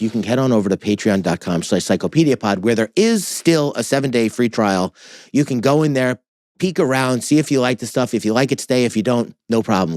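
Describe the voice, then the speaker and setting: A man's voice: lowish voice, darkish tone, no echo. Teasing male podcast co-host, dry sound. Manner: teasing, rambling, self-interrupting. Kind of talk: casual podcast banter.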